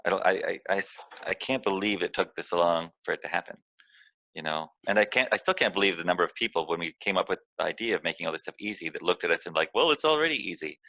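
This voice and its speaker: A very deep-voiced man with gravel in his voice and a bright edge to it speaks as a company founder in a casual interview. He explains things at length and talks candidly and with emphasis. The recording is dry and close. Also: fast, dry recording. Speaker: founder and CEO being interviewed.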